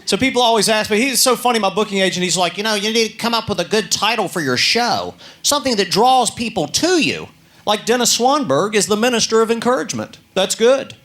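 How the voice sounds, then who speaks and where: High-voiced deadpan stand-up comedian man. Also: fairly quick. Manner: deadpan storytelling with quoted characters.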